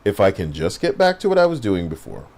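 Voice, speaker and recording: A man's voice: on the low side, wildly swooping pitch, a little fast, background noise. A man streaming, chatting casually in a joking, rambling, sarcastic way.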